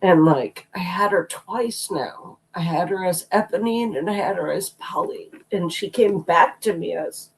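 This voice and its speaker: A co-host of a live stream who is crying, talking in a halting, hesitant way that trails off. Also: medium pitch, slightly rough, poor audio. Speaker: livestream co-host. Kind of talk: casual live-stream chat.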